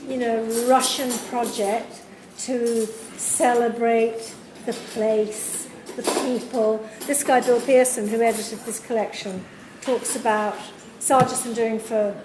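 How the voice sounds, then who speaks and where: A woman interviewing a writer at a university event, asking thoughtful, searching questions. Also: fairly high pitch. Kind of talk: literary conversation at a public event. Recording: echoey room with background noise.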